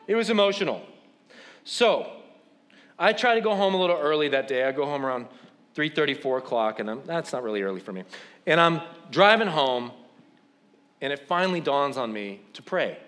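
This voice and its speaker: A man's voice: fairly high pitch, fairly quick. A man preaching, telling a funny, self-deprecating story and acting out what people said. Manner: animated, self-deprecating, acts out quotes. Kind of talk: humorous sermon storytelling.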